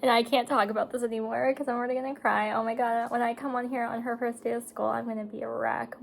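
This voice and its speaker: A woman's voice: on the high side, level tone, fast talker, vocal fry, hardly any pauses, a little hiss or hum, poor audio. A woman in her thirties chatting casually to her viewers while doing her makeup, talkative and emotional, tearing up at times. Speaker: beauty vlogger and mother.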